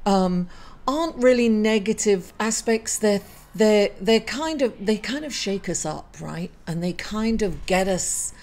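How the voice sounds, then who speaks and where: A woman's voice: mid-range voice, lively intonation, a little mellow. Grieving woman giving an astrology reading. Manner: halting and apologetic, many fillers and self-corrections. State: grieving, emotional. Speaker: astrology reader and channel host. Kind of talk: casual weekly astrology reading to camera.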